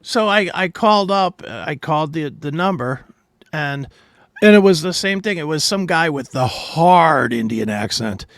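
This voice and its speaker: A man with a higher, lively voice leads the chat on a talk podcast, swearing freely as he tells his stories. His voice has a gravelly edge. The recording is close and dry. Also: moderate pace, no room sound. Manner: profane, animated storytelling. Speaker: co-host.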